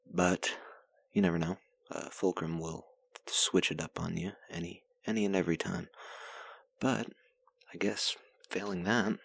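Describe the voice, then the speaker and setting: Crude, rambling male podcast host, deep and husky, close and dry. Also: no echo. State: recovering from a sinus infection. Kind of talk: casual solo podcast monologue.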